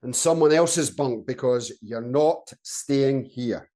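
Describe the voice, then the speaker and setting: A man voicing a grumbling space soldier who mocks everything. His voice is dark and mellow, mid-pitched, the sarcasm laid on dry. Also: slow, natural voice. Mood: sarcastic. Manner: sardonic, dry. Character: sarcastic rebellious male soldier. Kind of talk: audio comedy acting.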